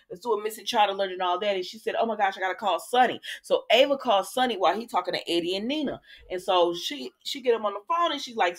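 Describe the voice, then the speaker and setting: A woman gives a loose, chatty soap recap as if talking to friends. She stays animated and colloquial, talks straight to the viewer and laughs as she goes. Her voice sits at an ordinary middle pitch. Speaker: soap opera recap host.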